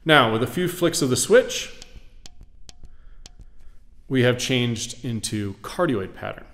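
A man teaching audio engineering, explaining microphone patterns in a steady, clear way while he walks around the mic in a large recording studio. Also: medium pitch. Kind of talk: studio demonstration lesson. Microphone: studio condenser mic at varying distance. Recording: roomy studio reverb, voice moving off-mic.

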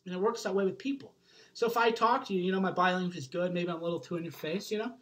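A man's voice: sits high, very fast, a bit bright. A man giving an intense, emphatic motivational monologue to camera, swearing freely and checking in with his listener again and again. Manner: intense, emphatic, profane, keeps checking in with "right?". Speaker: self-help author.

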